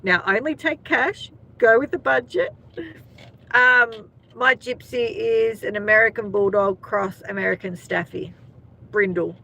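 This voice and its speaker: A woman's voice: on the high side, measured pace, creaky, sharp tone, low-quality recording. An Australian woman hosting a casual live chat, laughing often and talking to her viewers by name. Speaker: livestream host.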